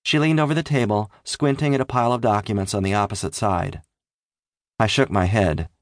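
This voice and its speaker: A man's voice: on the low side, brisk, no echo. A man narrating an audiobook in the first person, with a dry, wry delivery.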